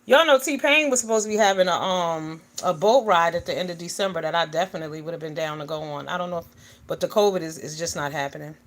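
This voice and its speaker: Bright-voiced woman chatting on a livestream. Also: lowish voice, fast talker. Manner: animated, greets viewers, swings from loud to quiet. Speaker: livestream vlogger. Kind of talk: casual livestream chat. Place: home in the US Northeast.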